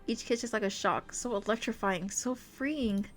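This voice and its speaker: A young woman VTuber streamer with a fairly high voice reads a romance visual novel aloud at a moderate pace. She mixes dramatic narration with giggly, gushing asides, and faint music plays behind her.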